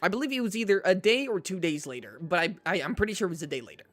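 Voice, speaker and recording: A man streaming, telling a personal story to his chat in a casual, animated way, often checking in with "right?". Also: high voice, rapid-fire, faint music behind. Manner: animated storyteller, repeats himself, says "right?" a lot.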